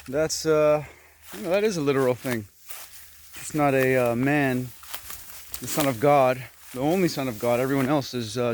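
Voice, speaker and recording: Man from Korea, casual outdoor vlogger, rambling asides, talks through mouthfuls, mid pitch, faint nature noise behind. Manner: talks while chewing. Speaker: vlogger clearing a fruit garden. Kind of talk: casual walk-and-talk vlog. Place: outdoors in an overgrown tropical garden.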